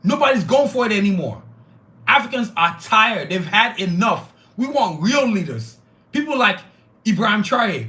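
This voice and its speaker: A man's voice: high voice, bright, forceful tone. A man hosting a podcast, delivering a fiery, profane monologue full of repeated lists. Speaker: podcast host.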